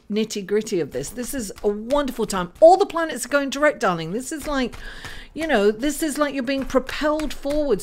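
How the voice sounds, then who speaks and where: A woman astrologer giving a casual horoscope reading, halting with fillers and calling the listener darling. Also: on the high side. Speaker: astrologer doing tarot readings.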